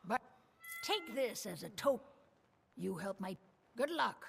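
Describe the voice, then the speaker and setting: Fantasy game villager, high lively voice, faint hiss in the track. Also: male voice, a little slow, gravelly, full character voice. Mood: grateful. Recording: long reverb, faint noise.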